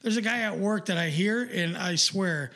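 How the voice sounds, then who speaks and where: High-voiced man ranting bluntly. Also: moderate pace, pushed and bright. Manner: rambling, blunt and profane, heavy on fillers. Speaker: podcast co-host. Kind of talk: casual live-stream chat.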